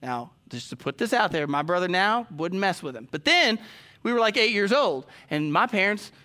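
Male pastor, sermon, high voice, storytelling, talks straight to the congregation. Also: very animated, moderate pace, bright, forceful tone. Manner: storytelling, addresses congregation directly.

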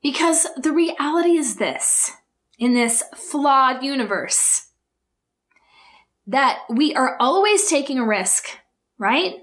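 A woman with a fairly high voice hosts her own podcast, speaking earnestly and with open emotion. She talks in slow, emphatic bursts and asks her listeners one rhetorical question after another. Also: animated, fairly bright tone. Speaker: podcast host. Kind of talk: heartfelt solo podcast talk.

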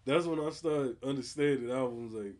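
A man co-hosting a podcast in relaxed casual chat, trading stories and agreeing often. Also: medium pitch, moderate pace. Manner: laid-back, frequent "word" and "yeah" agreement. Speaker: podcast co-host.

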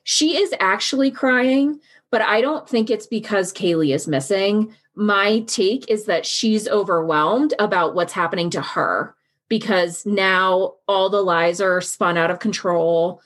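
A woman's voice: medium pitch, a little slow, fairly bright tone. A woman hosting a true crime podcast, telling the story in a casual, outspoken way and speaking her mind bluntly. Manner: casual, outspoken, swears, recounts events with quoted voices. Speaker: podcast host.

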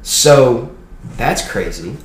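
A young man guest sharing a personal testimony in an animated, quick storytelling way. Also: medium pitch. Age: young adult. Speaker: podcast guest. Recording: roomy room echo with faint noise.

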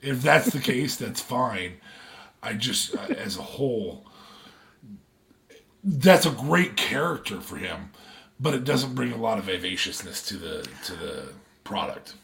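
A man's voice: medium pitch, very animated, unhurried, gravelly, a bit bright, slight background noise. A man co-hosting a casual podcast chat, hesitant, with many ums and restarts as he thinks aloud. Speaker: podcast co-host.

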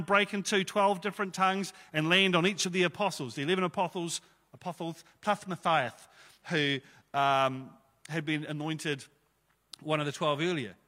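A man's voice: high-pitched, bright, forceful tone, in a large hall. A man preaching a sermon to his church, conversational and emphatic, with rhetorical questions. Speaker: pastor.

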